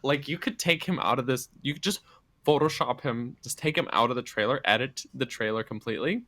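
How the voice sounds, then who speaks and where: A man's voice: mid-range voice, a little fast, sharp tone, no room sound. A young man co-hosting a casual gaming podcast, laughing often and restarting his words. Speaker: podcast co-host. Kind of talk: casual chat.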